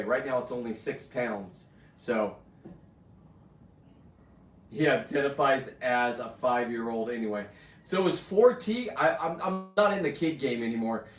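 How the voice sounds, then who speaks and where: A man's voice: medium pitch, slight background noise. Laid-back guy rambling on a live stream, echoey room, mic set back a bit. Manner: casual, chatty, rambling, with restarts and cussing asides. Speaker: livestream host, spearfisher and taxidermist. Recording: roomy room, mic at a distance.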